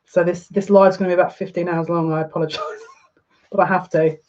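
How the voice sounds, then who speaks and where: A woman giving a live card reading as a psychic, gushing and excitable, easily overwhelmed with emotion. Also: fairly low pitch, fast, muffled recording, slight background noise.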